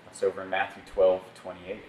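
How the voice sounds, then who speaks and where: A man leads a Bible study in a relaxed, conversational way, calling out to the group for amens. His voice sits on the low side. He is recorded in a roomy, echoey space with a faint hiss behind him. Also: a little fast. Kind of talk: Bible study teaching with slides. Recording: echoey room, faint background noise.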